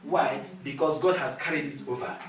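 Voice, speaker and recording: A male pastor preaching a sermon with lively call-and-response, recorded in a church hall from a distance. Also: medium pitch, normal speed. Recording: echoey hall, distant mic, faint noise.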